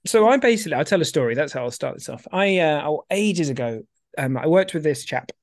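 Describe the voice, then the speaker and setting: A man's voice: on the high side, expressive, fast talker, dry recording, clean studio sound. A man co-hosting a casual podcast chat, giggly and self-mocking. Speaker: podcast co-host.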